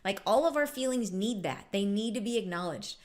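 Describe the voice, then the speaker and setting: Woman, spiritual teacher, mid-pitched voice; easygoing and reflective, chatty, laughs readily. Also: lively intonation, a little fast, a little mellow. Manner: reflective, chatty, laughs often, many fillers. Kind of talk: relaxed spiritual talk.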